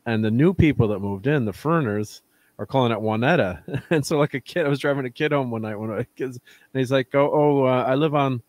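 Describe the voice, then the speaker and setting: A man's voice: mid-range voice, fast talker, no echo. A man hosting a casual online chat, telling anecdotes and laughing often. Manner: laughs often, tells anecdotes with quoted voices. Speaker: podcast host.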